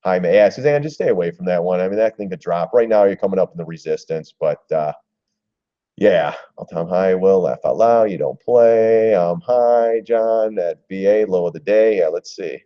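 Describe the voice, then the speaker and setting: A man's voice: low voice, moderate pace, lo-fi sound. A man hosting a casual live stream about stock charts, rambling and chuckling as he reads viewers' comments and acts out phone calls.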